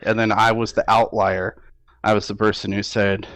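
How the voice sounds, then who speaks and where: Hesitant emotional man, low voice. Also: little pitch movement, a bit bright, no echo. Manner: halting, hesitant, many restarts and fillers. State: near tears, emotional. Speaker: guest recounting a dream. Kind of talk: emotional interview recollection.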